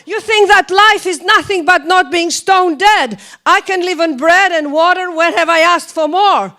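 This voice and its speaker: A woman performing a defiant, impassioned young heroine in chains in a loud, intense stage monologue. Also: very high-pitched, a little slow, pitched above the performer's own voice, heavily acted.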